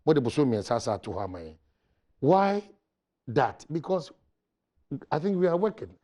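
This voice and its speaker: A man's voice: fairly high pitch, sing-song, moderate pace, dark tone. A Ghanaian-accented man hosting a morning talk show, questioning his guest in a mix of Twi and English.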